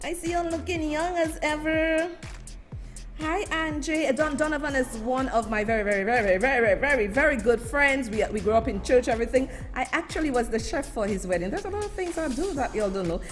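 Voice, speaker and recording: A woman's voice: high-pitched, brisk. A woman hosting a live stream, chatting and effusively greeting her viewers by name. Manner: animated, effusive, sing-song shout-outs. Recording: faint music behind.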